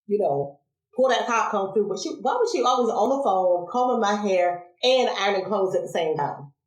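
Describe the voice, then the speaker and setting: A woman in her forties, a podcast guest, telling childhood stories in a casual interview, animated, laughing and acting out voices. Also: medium pitch, moderate pace. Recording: roomy echo.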